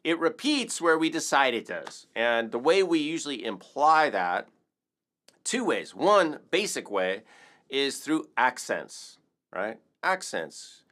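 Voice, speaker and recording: A man's voice: mid-range voice, sing-song, slow pace, a bit bright. Upbeat man teaching a rhythm lesson. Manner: upbeat, chatty, counts beats aloud. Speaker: percussion teacher. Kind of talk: casual music lesson.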